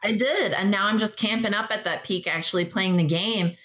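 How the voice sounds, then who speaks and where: A young woman co-hosting a podcast, telling a story in casual chat, acting out quotes and jumping up in pitch when excited. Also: brisk. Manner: animated storyteller, acts out quotes, jumps high when excited. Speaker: podcast co-host.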